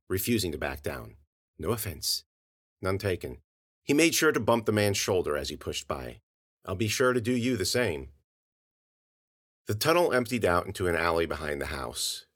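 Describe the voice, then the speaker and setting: A man narrates a scripted audio story in a low voice. His delivery is expressive and lively, swinging widely in pitch as he tells it.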